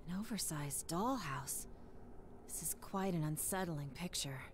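A woman voicing a calm, analytical young woman in a video game, speaking in a measured way. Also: deep voice, noisy background. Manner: measured, composed.

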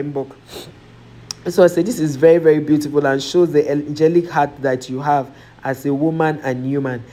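A woman's voice: low voice, fairly even intonation, normal speed, dark tone. A woman vlogger reading viewer comments aloud and reacting with emotional sighs and exclamations.

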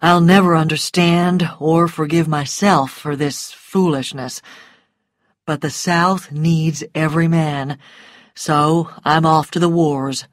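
A woman voicing a self-assured, mocking grown man in a storybook reading, speaking calmly in a low, quiet murmur. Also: slow, dry recording, studio quality. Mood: tender. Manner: calm, low and teasing, dropping to a murmur.

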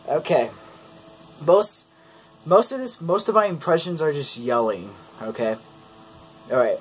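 A man's voice: a little high, expressive, unhurried, long pauses, breathy edge, poor audio. A man hosting his own casual impressions video, introducing each bit and poking fun at his own attempts. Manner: self-deprecating, chuckling between takes. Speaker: YouTube host.

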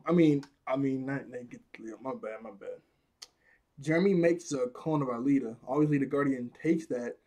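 A man's voice: medium pitch, mellow. A man casually recapping a cartoon episode in slangy talk, often laughing and correcting himself.

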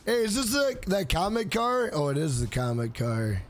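A man with a rather high voice, talking loosely to his chat during a gaming live stream. He thanks viewers one by one and keeps tagging "bro" onto his lines. Faint game music plays underneath. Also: moderate pace. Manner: talks straight to chat, repeats "bro" often.

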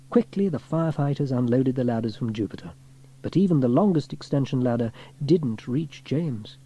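A man reading a children's storybook aloud in an expressive way. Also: medium pitch, moderate pace, slightly rough, lo-fi sound.

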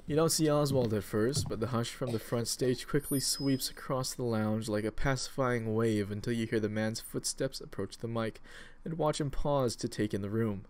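Casual male gamer, reads the story and thinks out loud. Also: mid-range voice, moderate pace, soft background music. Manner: casual, offhand, swears, thinks aloud. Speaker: video game streamer. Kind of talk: reading and playing a text adventure.

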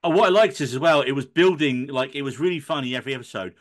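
A man's voice: mid-range voice, fast talker. A man hosting a casual podcast chat, joking around and swearing for comic effect. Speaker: podcast host.

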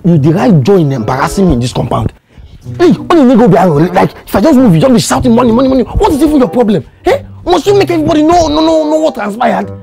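A speaker with a Nigerian accent in a comedy sketch, pleading and excitable, often repeating words. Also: mid-range voice, vocal fry. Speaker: comic sketch character.

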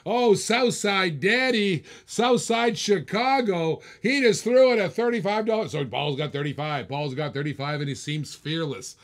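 A man's voice: high-pitched, moderate pace, few pauses. A man hosting a live-stream auction, calling bids with playful, teasing, hyped-up patter. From Australia.

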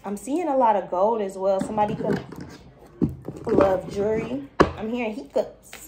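A woman's voice: medium pitch, moderate pace, vocal fry, heavy background noise. A woman giving a chatty spiritual reading straight to her viewers, full of loose filler and calling the listener baby. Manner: talks straight to the viewer, calls them baby. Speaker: spiritual reader. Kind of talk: casual intuitive reading to viewers.

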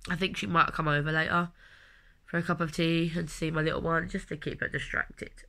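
A woman's voice: low-pitched, little pitch movement, fairly quick, sharp tone. A woman in her late twenties with a London accent, talking in a rambling, heartfelt personal vlog while she has a cold. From London, England. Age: late 20s. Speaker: vlogger.

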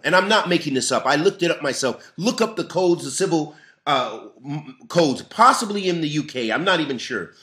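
Male lecturer teaching a religious lesson; higher-pitched, emphatic delivery, recorded in an echoey room. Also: expressive, moderate pace, pushed and bright. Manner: earnest, emphatic, reads and explains text. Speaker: Islamic lecturer.

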